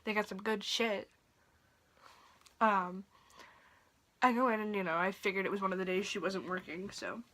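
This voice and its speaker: A young woman telling a story in a casual vlog from her bedroom at night, profane and animated, sometimes dropping to a whisper. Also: medium pitch, moderate pace, pauses often. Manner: drops to a whisper at times. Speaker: vlogger.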